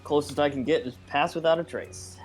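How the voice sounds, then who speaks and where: A man's voice: fairly high pitch, brisk, over music. A man playing in a tabletop role-playing game, joking around and describing what his character does. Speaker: player. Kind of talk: casual tabletop game chat.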